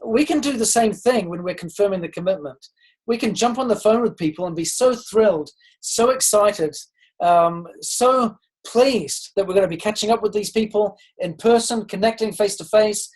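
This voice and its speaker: A high-pitched man with a darkish tone speaks at normal speed in a low-quality recording, giving a motivational leadership talk on a group call. The leadership coach sounds earnest and encouraging, asking listeners direct questions and frequently restarting with ums.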